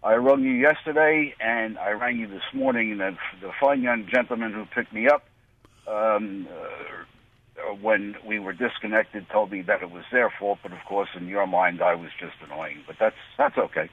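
A man's voice: on the low side, normal speed. American man on a tinny phone line. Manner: indignant, persistent, sarcastic. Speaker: caller. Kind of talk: call-in radio argument.

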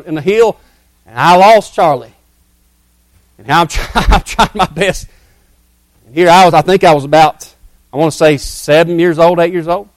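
A man's voice: a little high, no room sound. Folksy man preaching a testimony. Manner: folksy, dramatic storytelling, drops to hushed tones. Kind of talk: sermon storytelling.

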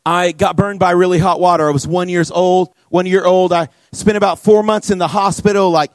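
A young man, a youth pastor, preaching to students and telling a personal story in an earnest, animated way with many casual fillers. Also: sits high, fairly quick, no echo. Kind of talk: sermon to students. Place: church youth room.

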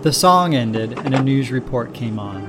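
A man hosting a short-story show, reading the narration in a calm, measured way. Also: mid-range voice, noisy background. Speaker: narrator and host.

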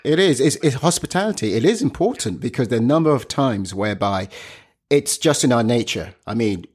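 A man's voice: medium pitch, expressive, a little fast, darkish tone, breathy edge. A man from Nigeria hosting a podcast, talking in an emphatic, good-humored way in a casual interview. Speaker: podcast host.

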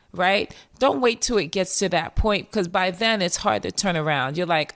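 A woman with a fairly low voice hosts a motivational podcast as a therapist. She talks emphatically and says her key points twice for weight. She speaks straight to her listeners and calls them her friends. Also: moderate pace, few pauses, a bit bright. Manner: emphatic, repeats key phrases for stress. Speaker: podcast host, mental health therapist.

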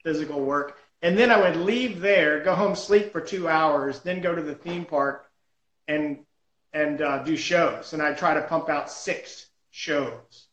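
A man telling a story about his juggling days in a lively, self-deprecating way. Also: on the high side, measured pace, echoey room, highs cut off. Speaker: juggler and comedy performer. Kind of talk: casual storytelling chat.

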